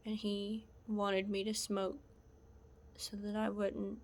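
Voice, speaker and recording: Slow, soft-spoken woman telling her story. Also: mid-range voice, completely flat delivery. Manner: halting, soft-spoken, drops to whispers at times. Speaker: vlogger sharing a personal story. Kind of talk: emotional personal testimony.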